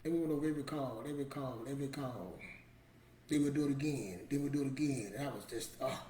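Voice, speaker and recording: Speaking in a mid-range, slightly mellow voice, a middle-aged man hosts a motivational program against a bit of background noise. He's casual but emphatic, circling back to the same points in a chatty, sermonizing style. Faint ambience and a roomy echo color the recording.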